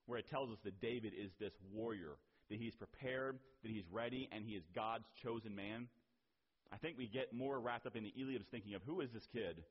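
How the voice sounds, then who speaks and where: Husky-voiced male preacher, lo-fi sound. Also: mid-range voice. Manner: conversational, explains with asides and rhetorical questions. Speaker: pastor. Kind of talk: sermon. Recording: dull lo-fi recording.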